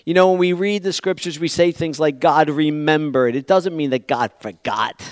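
A pastor preaching a conversational sermon, swinging from loud bursts to near-whispers. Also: male voice, on the high side, moderate pace, smooth, no room sound, studio quality. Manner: animated, conversational preaching with dramatic swings in volume.

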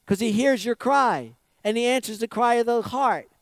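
A man preaching a conversational sermon, repeating phrases and asking the listeners questions, swinging from loud emphasis to hushed asides. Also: very high voice, normal speed, dry recording, studio quality. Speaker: pastor.

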